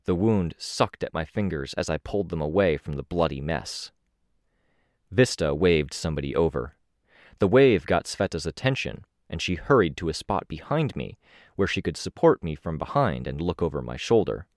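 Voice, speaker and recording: A man with a deep, low voice reads a first-person audiobook in a steady, measured way. The sound is close and completely dry, with no room around it. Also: no echo. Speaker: audiobook narrator.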